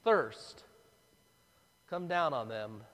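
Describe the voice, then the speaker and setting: A man's voice: mid-range voice, animated, extremely slow, a bit bright. A man preaching a sermon, telling the story dramatically and acting out the voices of the people. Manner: dramatic, acts out voices of the crowd. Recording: long reverb of a large hall.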